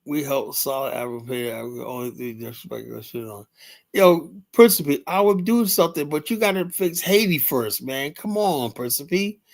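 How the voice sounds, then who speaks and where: A man's voice: mid-range voice, animated, normal speed, creaky. A man hosting a live stream, talking casually and rambling to his chat, often laughing.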